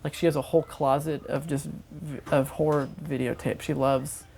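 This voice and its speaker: Interviewee, documentary anecdote, rambling, excitable, filler-heavy, mid-pitched voice. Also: normal speed, creaky, slight background noise.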